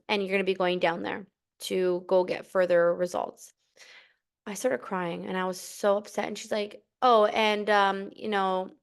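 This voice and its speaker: Young Canadian woman, smooth clear voice, casual candid storyteller who acts out quoted dialogue. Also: medium pitch. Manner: candid and animated, acting out quoted dialogue with many fillers. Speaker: podcast host telling her birth story.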